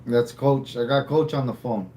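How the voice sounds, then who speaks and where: A man's voice: medium pitch, normal speed, dark tone, slight background noise, poor audio. A man co-hosting a casual livestream, rambling and laid-back, tagging sentences with "eh". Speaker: livestream co-host.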